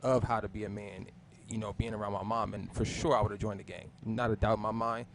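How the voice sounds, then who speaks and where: A man's voice: on the low side, flat delivery, quick pace. A man telling a personal story in a casual talk show chat, earnest and reflective. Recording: noisy room with clicks.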